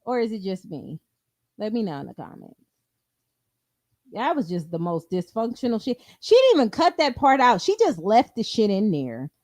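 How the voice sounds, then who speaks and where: A woman's voice: mid-range voice, very animated, normal speed, darkish tone, no room sound. A woman hosting a stream, giving blunt, profane gossip commentary on a clip and mimicking the people in it. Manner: mimics the clip in quoted voices. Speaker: stream host. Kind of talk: casual reaction commentary.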